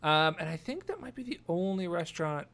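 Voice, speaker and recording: A young man hosting a casual live chat, easygoing and quick to laugh. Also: sits high, sing-song, crowd noise. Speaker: podcast host.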